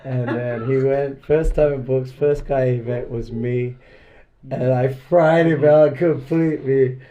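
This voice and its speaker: A man's voice: mid-range voice, steady tone, a little slow, muffled recording. A man giving an informal devotional class in a house, telling rambling stories full of "like" fillers and acting out the dialogue. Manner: rambling storyteller, many "like" fillers, acts out dialogue. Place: indoors in a private house.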